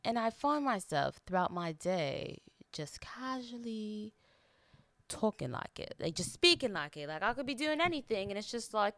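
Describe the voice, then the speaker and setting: A woman's voice: medium pitch, sing-song, moderate pace, a bit bright, no room sound. A young American woman hosting a solo podcast, chatting casually in a put-on British accent and rambling with lots of fillers. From United States. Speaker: podcast host.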